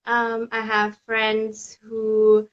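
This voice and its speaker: Woman, live-stream host, casual chat, somewhat high voice, slightly dull sound. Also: monotone, drawn-out words. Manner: chatty, reads viewer comments aloud, laughs often.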